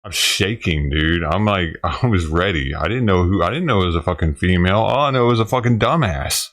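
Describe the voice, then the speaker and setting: A stray-cat-feeding vlogger delivers a profane, agitated rant about a neighbor, laughing and cursing throughout this casual vlog. His voice sits low but sounds fairly bright, expressive and brisk.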